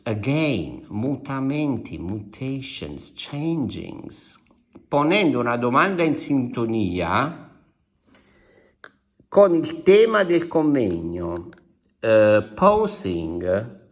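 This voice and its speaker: A man with an Italian accent teaching an Italian lesson, speaking slowly and deliberately with many fillers and restatements. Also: mid-range voice. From Italy. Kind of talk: slow language lesson.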